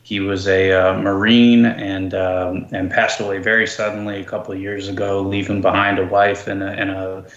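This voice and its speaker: A man talking casually on a podcast, halting and full of fillers and restarts. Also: low voice, level tone, a bit bright. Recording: dull, roomy sound.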